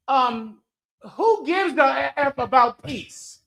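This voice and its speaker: Very high-pitched and sing-song, this man's voice moves at a normal speed with a somewhat bright tone. He leads a scripture class with brash, joking preaching aimed provocatively at a live chat, firing off rhetorical questions and often laughing at his own jokes.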